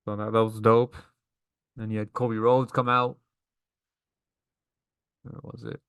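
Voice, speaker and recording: A man's voice: on the low side, level tone, measured pace, fairly bright tone, clear, resonant tone, no room sound. A man giving a casual, enthusiastic recap of a wrestling show, laughing often.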